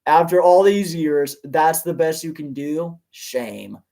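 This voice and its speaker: A man voicing a large, cruel male monster who talks in an unnervingly charismatic, smooth way. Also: a little high, slow, mellow. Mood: mocking. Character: smooth-talking cruel male Bergen monster, huge and sinister.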